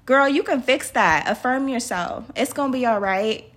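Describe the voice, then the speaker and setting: A woman's voice: on the high side, normal speed, fairly bright tone. Upbeat chatty woman in her thirties. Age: 30s. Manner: chatty, laughs often, talks to listeners as y'all. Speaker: podcast host. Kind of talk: casual motivational talk.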